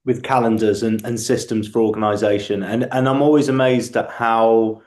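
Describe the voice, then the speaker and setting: A man's voice: fairly low pitch, flat delivery, moderate pace, a little mellow. Reflective man with roomy echo. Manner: reflective, repeats words when starting sentences. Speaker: book club host. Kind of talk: casual group video call discussion.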